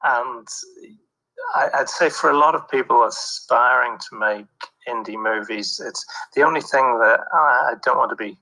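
A man's voice: medium pitch, normal speed, bright, forceful tone, rough recording. A man, a film producer, recounts set stories in an interview, thoughtful and full of fillers. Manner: reflective, with many fillers and restarts. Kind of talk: anecdotal interview talk.

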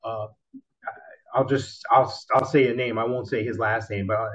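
A man casually telling a wild story from his car-selling days, animated and profane, acting out the people in it. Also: mid-range voice, moderate pace. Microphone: laptop built-in mic. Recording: dull lo-fi laptop mic.

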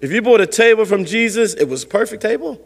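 A man's voice: high-pitched, lively intonation, fast talker, creaky, long reverb tail. A man preaching a sermon as pastor, talking it through conversationally with rhetorical questions and repeated phrases.

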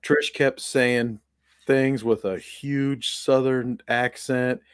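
A man recounting a trip in a relaxed chat, acting out the lines of the people in his story. His voice sits in a middle range and sounds dry and close, with no room around it. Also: mid-range voice, slow pace, clear, resonant tone, no echo. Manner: animated storyteller, acts out quotes. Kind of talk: casual chat.

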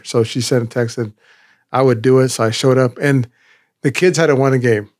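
A man's voice: medium pitch, steady tone, fairly quick, darkish tone, no room sound, clean studio sound. A middle-aged man in casual chat, rambling and restarting his sentences as he tells stories.

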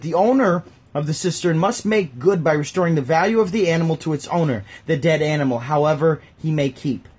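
A woman with a husky, darkish, medium-pitched voice casually reads scripture aloud on a livestream. She keeps breaking off to joke with her chat, riffing on the text and mocking it.

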